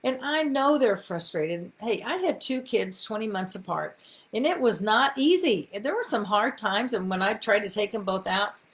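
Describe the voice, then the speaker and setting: A woman's voice: mid-range voice, expressive, normal speed. A middle-aged woman, hosting a live faith talk in a folksy, encouraging way with many ums and asides. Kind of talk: casual live-stream teaching.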